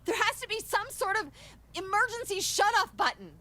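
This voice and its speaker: Brash, swearing woman, very high and bright, played by a man; impatient and exasperated. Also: lively intonation, moderate pace, heavily acted. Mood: irritated. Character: brash, foul-mouthed adult woman, impatient. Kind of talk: let's play character voice.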